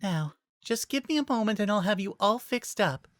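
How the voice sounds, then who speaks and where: A reader voicing a timid, gentle young woman druid who talks softly and sweetly, in an audiobook-style fan reading. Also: mid-range voice, expressive, moderate pace, no room sound, clean studio sound, voice pushed up, lightly acted.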